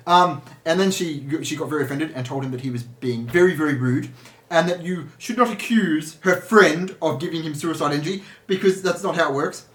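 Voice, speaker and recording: Guy rambling on about energy healing, kinda high voice, roomy echo. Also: brisk, fairly bright tone. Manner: rambling, with many restarts and laughs. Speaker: energy healer. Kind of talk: casual spoken monologue.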